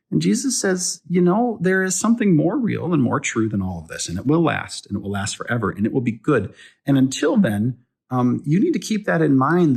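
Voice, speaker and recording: Husky, lively-voiced male pastor at home. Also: mid-range voice. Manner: conversational, poses questions to the viewer. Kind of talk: casual devotional talk. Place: at home indoors.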